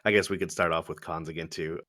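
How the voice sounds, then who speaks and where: A man's voice: deep voice, steady tone, fast, sharp tone, no echo, studio quality. A man co-hosting a podcast, chatting casually about movies, laid-back, swearing and laughing often. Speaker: podcast co-host.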